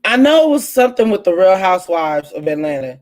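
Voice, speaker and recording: A woman's voice: lowish voice, very animated, fairly quick, darkish tone. A woman hosting her own live online show, chatting casually and animatedly with viewers, full of exclamations and asides. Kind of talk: casual live-stream chat.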